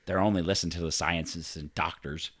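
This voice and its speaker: Male podcast co-host, very deep voice, reads the news with crude jokey commentary. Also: steady tone, fairly quick, fairly bright tone. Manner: reads stories aloud with jokey asides, stumbles on names and swears. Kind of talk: casual podcast banter.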